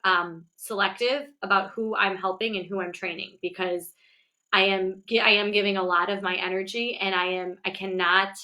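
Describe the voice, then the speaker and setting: A woman's voice: mid-range voice, sharp tone. A woman guest on a livestream, speaking earnestly and reflectively about her work, often restarting sentences. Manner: reflective, self-correcting, earnest. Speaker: guest, business owner and coach. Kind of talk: casual livestream chat.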